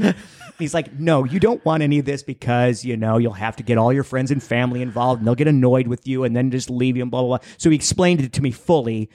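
Rambling, animated male storyteller. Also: a little fast, no room sound. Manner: rambling, animated, acts out voices with high pitch jumps. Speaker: podcast co-host. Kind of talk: casual storytelling.

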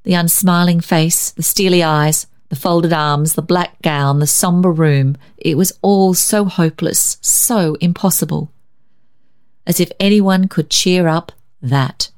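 A woman narrating a classic short story in a calm, measured storytelling manner. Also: fairly low pitch, clear, resonant tone.

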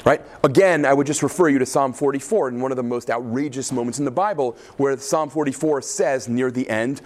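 A man teaching a class on biblical texts, talking with an animated, questioning manner and often checking in with "right?". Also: mid-range voice, a little fast. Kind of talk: lecture with class discussion.

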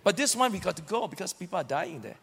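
Man, high voice, lively swings in pitch, acts out quarrels, long hall reverb. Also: fast, slightly rough. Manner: animated, acts out arguments. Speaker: pastor. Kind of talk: sermon teaching with a couple.

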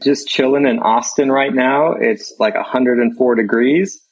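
A man guest on a podcast, telling a story in a relaxed way and laughing often. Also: medium pitch, measured pace, husky, muffled recording. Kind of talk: casual chat.

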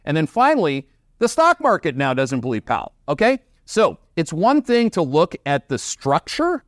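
A man's voice: on the high side, huge pitch swings, moderate pace, no echo, studio quality. A Canadian man hosting a market commentary show, talking bluntly and emphatically with many fillers. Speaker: investment show host.

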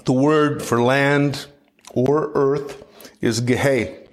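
Middle-aged guy preaching real slow and thoughtful, repeats his words a lot. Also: mid-range voice, fairly even intonation. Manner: slow, measured, reflective, with frequent restarts. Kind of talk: sermon teaching.

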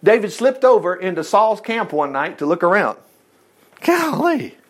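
A man preaching a folksy, animated sermon, reading scripture, acting out the quoted lines and laughing often. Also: high-pitched, moderate pace.

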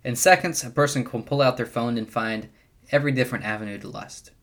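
A young man with an ordinary mid-range voice teaches Scripture in a steady, earnest way. He reads from a prepared script but slips in wry, self-deprecating asides along the way. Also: medium pitch, fast. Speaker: podcast host teaching the Bible.

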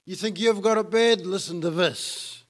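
A man's voice: high voice, moderate pace. A man preaching a sermon as pastor, emphatic and fond of repeating key lines for effect.

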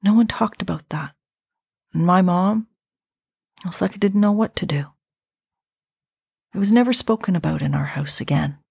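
A woman in her fifties hosting a podcast, telling a personal story in a slow, reflective and intimate way. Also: lowish voice, creaky, a little mellow, husky, no room sound, clean studio sound. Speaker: podcast host.

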